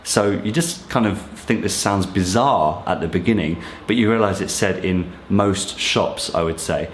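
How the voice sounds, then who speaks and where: A man's voice: deep voice, moderate pace, slight background noise. A man teaching everyday French phrases in a casual, explanatory way, speaking directly to viewers in a friendly, encouraging tone. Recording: echoey room.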